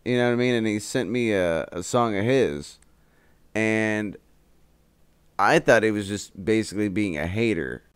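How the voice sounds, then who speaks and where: A young man co-hosting a casual podcast, telling stories in an animated way and swearing freely. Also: on the low side, normal speed, smooth, no room sound. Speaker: podcast co-host.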